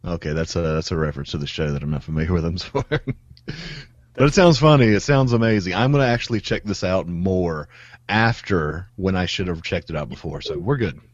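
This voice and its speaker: Low male podcast guest, crude deadpan humor, dry slightly muffled audio. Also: a little fast, no room sound. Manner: joking, crude deadpan asides. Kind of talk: casual podcast banter.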